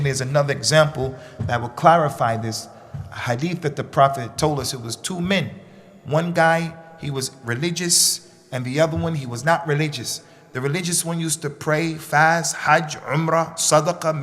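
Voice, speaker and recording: Animated male teacher giving a religious talk. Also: fairly high pitch. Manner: animated, repeats phrases for emphasis, recites Arabic verses. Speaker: youth workshop teacher. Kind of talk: religious lecture to young people. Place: mosque.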